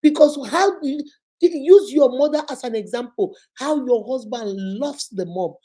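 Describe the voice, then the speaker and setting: A Nigerian schoolteacher with a Nigerian accent gives a motivational talk to mothers in a high, warm voice at normal speed. She exhorts emphatically and repetitively, adding storytelling asides, and the recording is rough.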